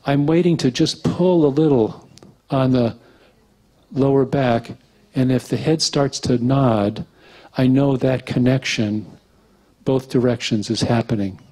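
A man's voice: mid-range voice, a little slow. A man teaching structural integration in a casual lecture, rambling and acting out little quotes from clients. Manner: relaxed, rambling, acts out quotes.

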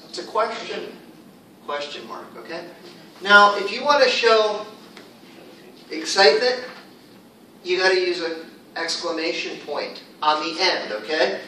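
High, bright-voiced man teaching in an echoey room. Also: normal speed, far from the mic, slight background noise. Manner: animated, checks in with "okay?" often. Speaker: English teacher. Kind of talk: casual classroom explanation.

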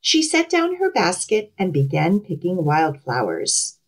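A woman librarian reads a fairy tale aloud to children in an outdoor garden. Her voice swoops up and down with a storyteller's lilt, and she takes her time, speaking slowly and clearly. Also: mid-range voice, poor audio. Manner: expressive, animated, storyteller's lilt.

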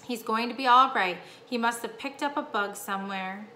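A woman's voice: on the high side, normal speed, sharp tone. A woman doing an anxious, fussing mother. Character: anxious human mother caring for sick son. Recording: echoey room, faint hum.

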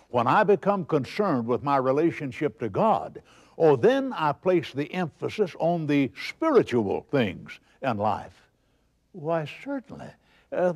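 A man's voice: fairly high pitch, darkish tone, dull audio. A man preaching a broadcast sermon, asking rhetorical questions and answering them himself with emphasis.

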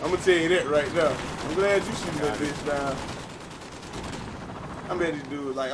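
A young man giving casual, profane gameplay commentary with a friend, excitable and breaking into sudden yells. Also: a little high, moderate pace, pauses often, heavy background noise. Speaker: gamer playing with a friend. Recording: game gunfire and explosions loud behind voice.

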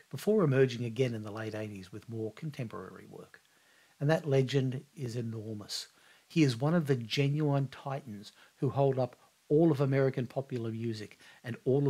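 A man at a middle, ordinary pitch tells a scripted history story with vivid, measured storytelling. He builds the tension and then steps back to a calmer, reflective tone, holding the line like a podcast host.

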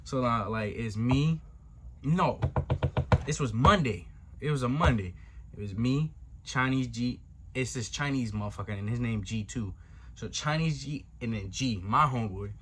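A man's voice: medium pitch, moderate pace. A young man with a middle-range voice tells a wild personal story. He talks loosely and profanely, full of slang, and jumps into the voices of the people in it. A faint hiss sits under him. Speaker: storytime vlogger. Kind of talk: casual storytime monologue.

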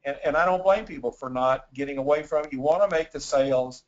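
A man's voice: a little high, fast, highs cut off. A man giving a sales presentation in a webinar, stammering and repeating words as he gets wound up telling stories.

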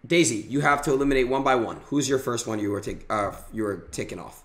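A man hosting a live stream, loudly running a dating game and giving orders. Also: medium pitch, quick pace, reverberant. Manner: loud, bossy, running the game. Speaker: streamer host. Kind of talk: casual live-stream chat.

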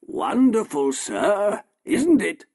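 A man's voice: high voice, sing-song, slow pace, a little mellow, pitched above the performer's own voice, exaggerated voice. A man voicing a pushy, fawning male showman shopkeeper in an eager, salesy way.

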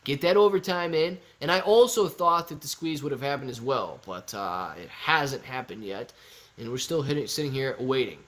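A young man hosting a casual stock-trading livestream, reading viewer comments in a goofy, animated way that swings between shouting and mumbling. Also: mid-range voice, moderate pace.

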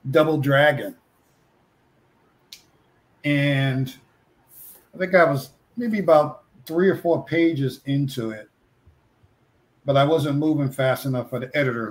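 A man telling lively stories as a guest comic artist in a casual chat, acting out the voices he quotes. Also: medium pitch, a little slow, pauses often. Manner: animated anecdote teller, acts out quoted voices.

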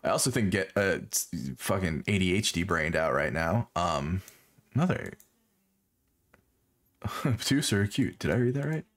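A man's voice: low voice, expressive, normal speed, long pauses, a bit bright. A tired man chatting casually to his stream while playing a fishing game, yawning and making puns. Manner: sleepy, yawning, punning to himself. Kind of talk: casual gameplay commentary.

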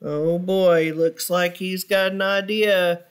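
Slow-paced woman reading a children's story. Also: fairly low pitch, fairly even intonation, clean tone. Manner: pauses to ask listeners questions. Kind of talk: read-aloud storytime for children.

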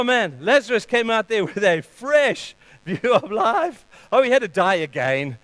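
A man preaches a sermon in a high, resonant voice. He punches key lines with sudden loud emphasis, then falls to a hushed tone. The sound is close and dry, with no room echo. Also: animated, moderate pace, hardly any pauses, clear, resonant tone. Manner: leads a closing prayer. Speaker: pastor.

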